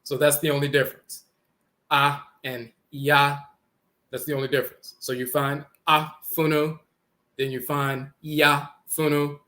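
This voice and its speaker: Bright-voiced man lecturing on word origins. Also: fairly high pitch, little pitch movement. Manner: repeats words slowly, spelling out sounds. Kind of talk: explanatory lecture.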